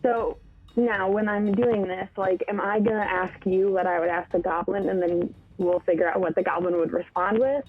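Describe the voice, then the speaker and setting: A player in a tabletop game asks careful questions and confirms the rules before acting. The voice comes through a tinny, phone-like voice call at an average pitch. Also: steady tone, moderate pace, soft background music.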